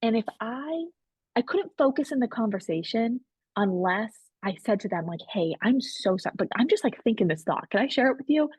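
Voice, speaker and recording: Husky-voiced woman telling her story. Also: fairly high pitch, brisk, dry recording. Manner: candid, animated, quotes others in shifting voices. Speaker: podcast guest. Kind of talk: casual storytelling.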